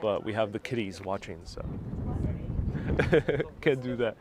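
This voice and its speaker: A man's voice: lowish voice, slow pace, background noise. Male live-stream travel host, native Spanish speaker, chatty and giggly, phone mic outdoors. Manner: chatty, laughs often, reads viewer comments aloud. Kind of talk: casual live-stream tour chat. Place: outdoors at a hilltop historic site. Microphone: phone on a gimbal with a wireless mic.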